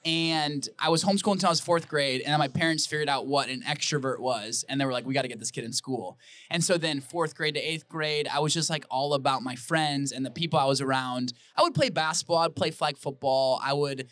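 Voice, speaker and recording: A young man talking as a podcast guest, excitable and joking, rambling through his story in casual chat. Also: on the high side, a little fast, no echo.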